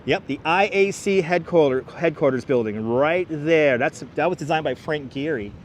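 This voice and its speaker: A man's voice: fairly high pitch, lively intonation, normal speed, slight background noise. A man hosting a casual live-stream walking tour outdoors, chatting to viewers and laughing often, on a clip-on mic. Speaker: livestream host. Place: outdoors on an elevated city park walkway. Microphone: wireless clip-on mic.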